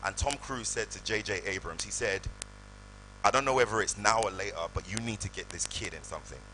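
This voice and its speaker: On stage at a live event, a male guest actor from the United Kingdom spins lively anecdotes, doing the voices of the characters for the audience in the hall. His voice is lowish and brisk, and the rough recording has slight background noise.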